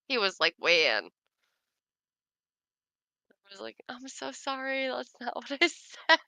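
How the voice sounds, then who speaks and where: A woman's voice: high-pitched, expressive, normal speed, pushed and bright, dry recording. A young woman casually telling a funny work story to her sister, laughing often and saying "like" a lot. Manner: chatty, many fillers like "like". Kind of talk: casual chat.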